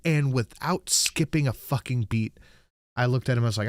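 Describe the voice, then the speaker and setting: A man's voice: medium pitch, fairly quick, no room sound, clean studio sound. A man hosting a podcast, telling stories in casual, profane chat, laughing often. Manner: animated storyteller, laughs often, reads chat aloud. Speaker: podcast host.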